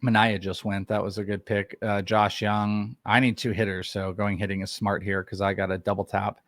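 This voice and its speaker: A man hosting a casual podcast chat, thinking aloud with animated energy. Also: fairly low pitch, moderate pace, no room sound. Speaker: host.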